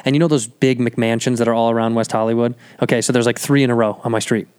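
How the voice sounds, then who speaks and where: A man's voice: mid-range voice, steady tone, darkish tone, clear, resonant tone. A man telling a story as a guest on a casual podcast, swearing freely and acting out the people in it. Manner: fast, profane storytelling that acts out the people in the story. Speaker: guest comedian.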